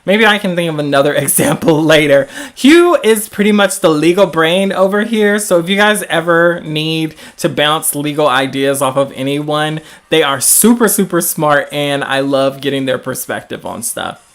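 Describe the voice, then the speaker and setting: A host with a Southern US accent talking through a live stream in an easygoing, rambling way. The voice sits at a middle pitch and leans on "like" as a filler, stopping now and then to answer viewer comments. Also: normal speed, few pauses. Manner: frequent "like" fillers.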